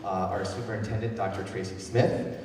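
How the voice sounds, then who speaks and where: A man's voice: fairly low pitch, flat delivery, brisk. A man, a new school music director, giving chatty, self-deprecating thank-yous between sets at a concert. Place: concert hall. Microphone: far from the recording mic. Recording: echoey hall from far off, crowd noise.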